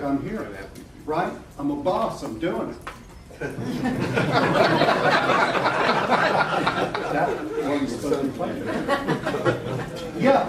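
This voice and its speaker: A middle-aged man speaks to a live audience at a seminar. His voice sits slightly high, and he is lively, blunt and quick to laugh. The recording is roomy and noisy, with the mic set well away from him. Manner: animated, laughing, blunt, swears casually. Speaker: marketing coach presenting a seminar. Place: event room with a live audience. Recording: echoey room from a distance, noisy.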